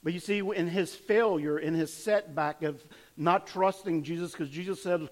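Male pastor, high voice, dramatic preaching that swings from loud to hushed. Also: normal speed. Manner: dramatic retelling with rising and falling intensity. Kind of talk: sermon.

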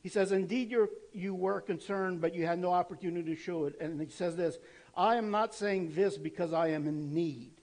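High-voiced man preaching earnestly. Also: normal speed, darkish tone, low-quality recording. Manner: earnest, conversational preaching with rhetorical questions. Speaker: pastor. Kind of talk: sermon.

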